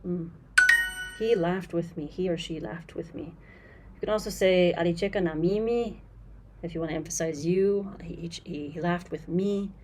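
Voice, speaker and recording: Woman doing a patient language teacher, low-voiced, repeats phrases slowly. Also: warm tone, a little hiss or hum. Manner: frank and critical of the translations. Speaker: Swahili teacher. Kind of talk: casual screen-recorded lesson commentary.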